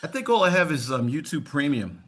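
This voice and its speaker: A man's voice: fairly high pitch, big pitch swings, a little fast, a bit bright. A man, co-hosting a podcast in laid-back casual chat, often calling others "man". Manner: laid-back, calls people man, storyteller. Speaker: podcast co-host.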